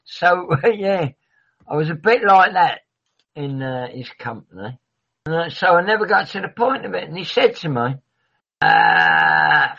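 A man's voice: on the high side, a bit bright, husky. A man hosting a livestream in casual rambling chat, who swears freely and often trails off mid-sentence. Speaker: livestream host. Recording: dull lo-fi recording.

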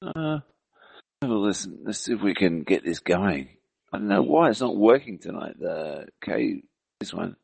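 A man co-hosting an internet radio show, chatting casually in a rambling, halting way. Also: sits low, big pitch swings, gravelly, a little mellow, slightly rough, dry recording.

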